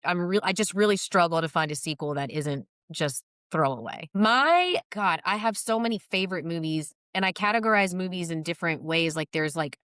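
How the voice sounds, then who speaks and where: Woman, podcast guest, casual chat, lowish voice, dry close sound. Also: animated, fairly quick, hardly any pauses, fairly bright tone, smooth, no echo. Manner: chatty, lists points, uses "right?" often.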